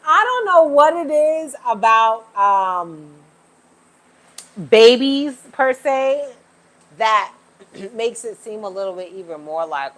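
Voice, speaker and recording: A woman's voice: fairly high pitch, very animated, takes it slowly, long pauses, fairly bright tone. A woman hosting a casual livestream from home, chatting with viewers and laughing often. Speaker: livestream host.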